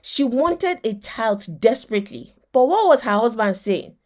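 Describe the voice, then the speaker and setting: A woman with a Nigerian accent hosting a motivational podcast, telling lively stories, acting out the people in them, and quoting scripture like a preacher. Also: a little high, moderate pace. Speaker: podcast host.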